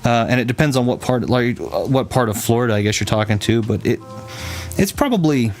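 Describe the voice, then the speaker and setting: A man's voice: medium pitch, expressive, a little fast, soft background music. A man from Texas, a streamer rambling and thinking aloud in casual chat with his viewers.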